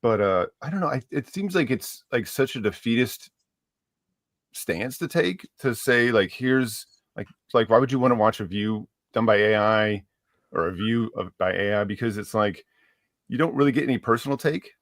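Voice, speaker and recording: Man, low voice, hesitant, halting, casual chat guest. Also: no echo, studio quality. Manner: hesitant, halting, full of fillers.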